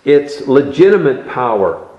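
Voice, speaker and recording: A man preaching an expository sermon, teaching in a measured way and stressing key words. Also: mid-range voice, big pitch swings, darkish tone, roomy sound, highs cut off.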